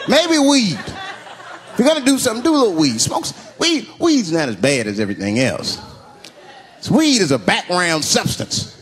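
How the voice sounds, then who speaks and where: Animated man telling stand-up stories. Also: sits high, normal speed. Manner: animated, swings between loud bursts and muttered asides. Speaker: stand-up comedian. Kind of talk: stand-up comedy storytelling. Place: comedy stage before a live audience. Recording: live stage recording with crowd noise. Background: audience laughter.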